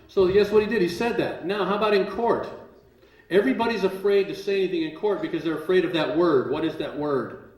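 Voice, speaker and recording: A man's voice: high-pitched, moderate pace, long pauses. Joking man lecturing in an echoey room. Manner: joking, conversational, grows forceful and emphatic. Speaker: seminar presenter. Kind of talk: live seminar talk to an audience. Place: seminar room with audience.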